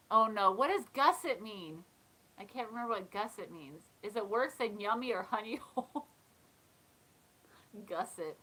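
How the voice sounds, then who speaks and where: A woman's voice: a little high, fairly bright tone, slight background noise, rough recording. A woman hosting a casual live chat, talking in a chatty way, often laughing and reading comments aloud. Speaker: live stream host.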